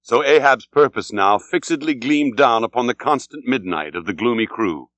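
A man narrating an audiobook in a solemn, dramatic, measured way. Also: medium pitch, lively intonation, fairly bright tone, dry recording.

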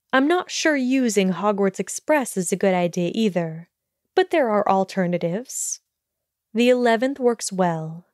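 A woman voicing a calm, steady older headmistress witch in a storybook reading, speaking evenly and measuredly. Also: mid-range voice, dry recording, clean studio sound, lightly acted. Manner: even, measured delivery.

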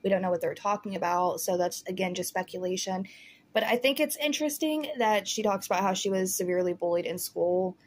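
A woman's voice: mid-range voice, brisk, breathy edge. A woman hosting a casual commentary vlog, talking in a chatty, rambling way full of "like" and "you know". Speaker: commentary host.

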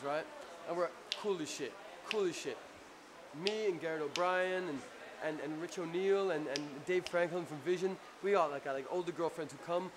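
A man with a New Jersey accent telling a rambling, profane story in a casual, animated way after a show. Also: a little high. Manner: profane, rambling, animated anecdote with acted-out quotes. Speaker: punk band frontman telling a story. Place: crowded club after a show. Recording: noisy live club recording.

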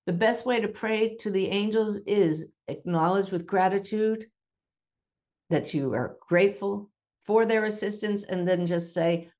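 A woman hosting a spiritual podcast Q&A, calm and reassuring, who sometimes slows her speech on purpose. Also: medium pitch. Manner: calm, measured, slows down deliberately at times; gentle, reassuring. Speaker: podcast host and medium.

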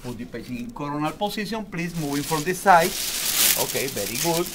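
A man giving a calm, step-by-step ultrasound demonstration in an exam room, with non-native English phrasing. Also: fairly high pitch, brisk, noisy background. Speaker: ultrasound instructor.

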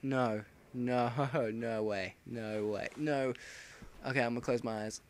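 A man's voice: medium pitch, fairly even intonation, unhurried, slight background noise. A man commentating a horror game playthrough, jumpy and panicky, swearing and exclaiming often. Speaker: gameplay commentator. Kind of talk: let's play commentary.

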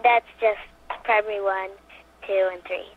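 A woman calls in to a radio show for a casual phone interview, talking hesitantly and giggling. Her mid-range voice is fairly even and unhurried, heard over a tinny telephone line with slight background noise.

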